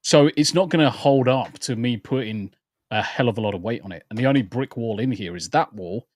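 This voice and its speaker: A man's voice: medium pitch, brisk, a little mellow, dry recording, studio quality. A British man chatting casually as a guest from a small spare bedroom, rambling and laughing often. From England. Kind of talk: casual chat. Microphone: home computer setup.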